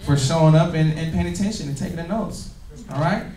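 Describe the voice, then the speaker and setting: A man giving an energetic, laughing motivational business training to a live audience in a meeting room. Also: a little high, fairly quick, recorded from a distance. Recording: echoey room, recorded from afar.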